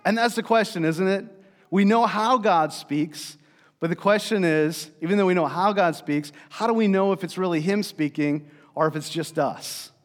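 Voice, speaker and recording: Storytelling pastor in a reverberant hall. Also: male voice, sits high, moderate pace. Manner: conversational storytelling preacher, many fillers. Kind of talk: sermon.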